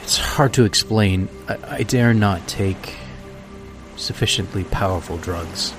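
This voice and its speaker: A man voicing a weary, sleepless, despairing man in a storybook reading, speaking slowly and broodingly. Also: low voice, over music. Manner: slow, weary, brooding speech.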